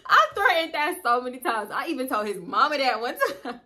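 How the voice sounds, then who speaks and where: A young woman vlogger telling a personal story in a casual, profane, animated way, laughing often and swinging between loud and quiet. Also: high-pitched, moderate pace.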